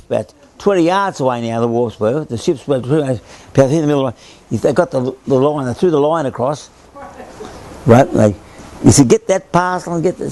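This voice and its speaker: A man's voice: medium pitch, vocal fry, mellow, a little hiss or hum. An older Australian man, a former sailor, rambles through an oral history story, repeating himself and acting out the voices he quotes.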